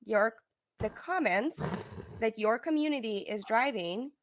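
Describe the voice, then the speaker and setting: A woman on a live panel, answering accusations calmly and haltingly. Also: on the high side, dry recording, studio quality. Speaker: panel guest.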